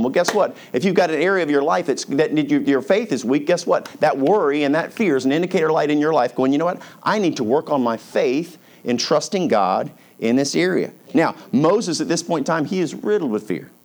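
A man's voice: on the high side, expressive. Man preaching a conversational sermon. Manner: conversational preaching, reads scripture slowly, voices God's words softly. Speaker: pastor.

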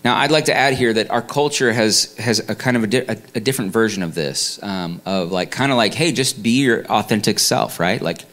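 A man's voice: lowish voice, a little fast, few pauses, a bit bright. Conversational male preacher. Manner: conversational, many restarts and fillers. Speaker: pastor. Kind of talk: sermon.

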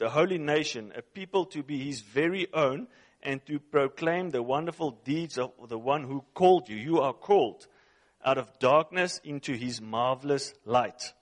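Emphatic preacher with a slightly high voice. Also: male voice. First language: not English. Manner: emphatic, repeats phrases, asks the audience questions. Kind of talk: sermon.

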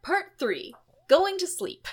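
A woman hosting a podcast in casual chat, animated and chatty with plenty of fillers. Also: extremely high pitch, slow pace. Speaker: podcast host.

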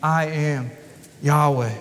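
A man voicing a solemn, authoritative teacher, speaking in a slow, grave, measured way. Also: on the high side, steady tone, a bit bright, pitched below the performer's own voice. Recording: long reverb of a large hall.

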